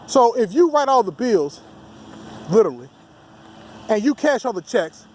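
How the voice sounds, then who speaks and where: A man's voice: very high-pitched, big pitch swings, moderate pace, darkish tone, slight background noise. A man delivering a heated, profane, rambling rant as a solo vlogger. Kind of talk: ranting monologue to camera.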